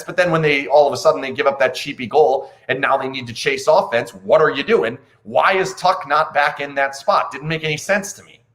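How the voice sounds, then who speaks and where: A man's voice: a little high, fairly bright tone. Guy doing a casual hockey recap, blunt, kinda incredulous, swears a bit. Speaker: hockey podcast host. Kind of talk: casual post-game analysis.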